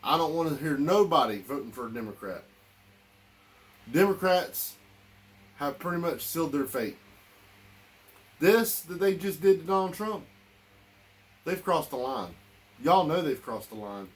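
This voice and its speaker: A man's voice: fairly high pitch, expressive, a little slow, pauses often. Angry man ranting. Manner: heated, repetitive, addresses listeners as y'all. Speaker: political commentator. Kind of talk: angry political rant.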